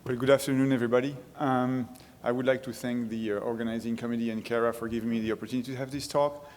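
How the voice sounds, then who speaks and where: A man with a French accent gives a medical conference talk in a large lecture room. He sets out each point in order in a steady, explanatory way. His voice carries the long reverb of the hall. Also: medium pitch, fast talker, a little hiss or hum. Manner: explanatory, walks through points one by one. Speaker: physician presenting at a medical conference.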